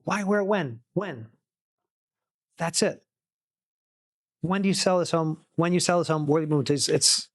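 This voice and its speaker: Lively man coaching sales calls. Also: a little high, no echo, clean studio sound. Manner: energetic, repeats key phrases for emphasis. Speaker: real estate coach. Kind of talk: teaching a sales boot camp.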